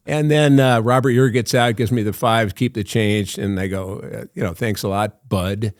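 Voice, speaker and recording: A man's voice: fairly low pitch, fairly even intonation, normal speed, dry recording, clean studio sound. An older man, an actor guest on a podcast, telling long anecdotes full of fillers and laughs. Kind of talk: storytelling in a podcast interview.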